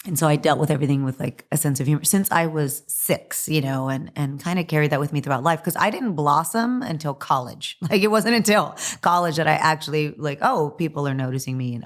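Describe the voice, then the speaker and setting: A hoarse middle-aged woman talking candidly as an interview guest, chatty and full of likes and ums. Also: low-pitched, brisk. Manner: chatty, frequent likes and ums, laughs often.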